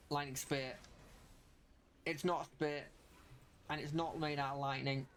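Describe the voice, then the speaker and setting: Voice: mid-range voice, level tone, fairly bright tone, slight background noise. A young adult game streamer giving live commentary, talking to themselves, chanting repeated spell calls and ending sentences on a rising, question-like lift. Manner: talks to self, repeats spell calls rapidly; sentences rise at the end like questions.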